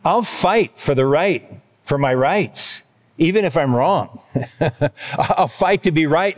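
Man preaching in a reverberant hall. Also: fairly high pitch. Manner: conversational, emphatic preaching with chuckles. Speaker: pastor. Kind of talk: sermon.

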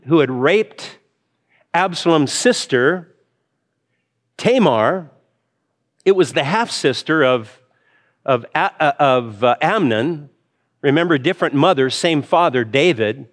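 A man's voice: on the high side, animated, slow pace, long pauses. A man preaching a Bible sermon in an earnest way, repeating and restarting phrases and lifting his voice for emphasis.

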